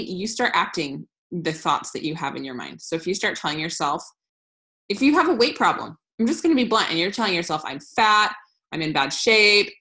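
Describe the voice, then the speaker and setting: Over screen share, a thirty-something woman delivers an upbeat, informal business training session, speaking frankly and restarting her sentences often. Her pitch is fairly low and a bit bright.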